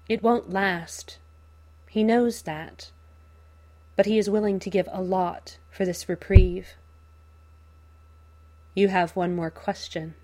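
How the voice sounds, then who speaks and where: A woman narrating a fan fiction audiobook in a measured, unhurried storytelling manner. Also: mid-range voice, warm tone.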